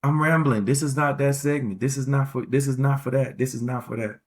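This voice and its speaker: A man's voice: mid-range voice, fairly even intonation, brisk. A man hosting a podcast, giving casual relationship advice in a rambling, slangy way and repeating phrases for emphasis. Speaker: podcast host.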